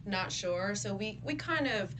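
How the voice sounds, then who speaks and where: A woman co-hosting a soap opera recap show, earnest and chatty, with a hoarse voice. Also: medium pitch, animated, unhurried, background noise. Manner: earnest, lots of "you know". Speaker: co-host. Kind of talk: casual recap chat.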